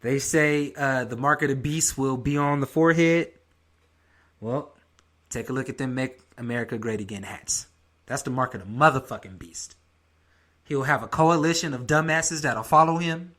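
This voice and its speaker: A man's voice: mid-range voice, moderate pace. Fired-up profane man ranting. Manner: heated, profane, lively rant. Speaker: podcast host. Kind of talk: casual solo commentary.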